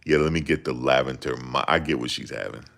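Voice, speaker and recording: Very deep, gravelly-voiced man joking around. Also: fairly quick, fairly bright tone. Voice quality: very deep voice that people ask him to repeat. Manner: joking, laid-back, slips into mocking voices. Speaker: commentator reacting to a livestream. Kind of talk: casual reaction commentary.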